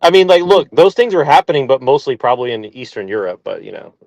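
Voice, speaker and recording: A man's voice: mid-range voice, sing-song, fast, gravelly, a little mellow, no echo. A man co-hosting a podcast in casual chat, sarcastic, often stammering and restarting his sentences. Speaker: podcast co-host. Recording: dull lo-fi mic.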